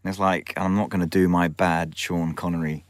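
A man, a film director, telling frank, animated anecdotes in an interview and acting out other people's voices. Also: low-pitched, a little fast, dry recording, clean studio sound. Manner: lively storyteller who acts out the voices of others; frank, with swearing and self-corrections.

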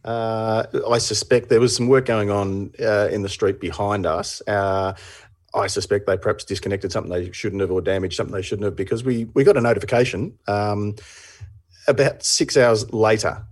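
A man's voice: fairly low pitch, fairly even intonation, moderate pace. A man hosting a beer news podcast, chatting casually and teasing his co-host, with frequent restarts and laughs. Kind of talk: casual podcast chat and read sponsor ad.

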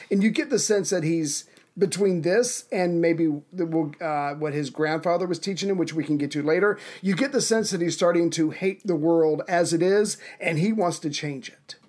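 A man with a fairly high voice trades quips on a podcast. His talk is loose and chatty, with a steady stream of wisecracks. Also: normal speed. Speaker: podcast co-host. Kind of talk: casual podcast banter.

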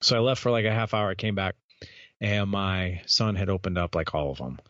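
A man's voice: low voice, fairly quick, fairly bright tone, no room sound. A man in his thirties, a podcast host, telling a candid personal story in an interview, earnest and repeating words as he goes. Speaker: podcast host and guest speaker. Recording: dull, lo-fi sound.

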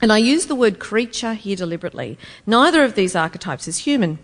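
A woman's voice: medium pitch, very animated, quick pace, big-room sound. A woman giving a public lecture in a wry, emphatic, rhetorical manner. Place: lecture hall.

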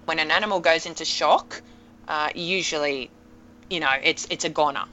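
A woman in her thirties, a podcast guest telling an emotional story in a lively, animated way. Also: low voice, normal speed, muffled recording, a little hiss or hum. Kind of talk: casual storytelling.

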